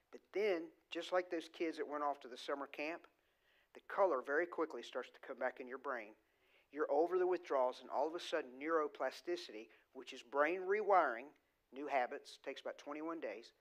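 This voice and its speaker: A middle-aged man delivers a sermon in a church sanctuary. His voice sits a touch higher than most men's, and he preaches in an emphatic, conversational way, often slipping into quoted lines. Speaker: guest preacher.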